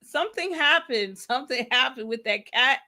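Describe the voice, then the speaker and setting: A woman co-hosting a casual live news recap show, retelling clips in animated slang. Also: high voice, moderate pace. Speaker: co-host.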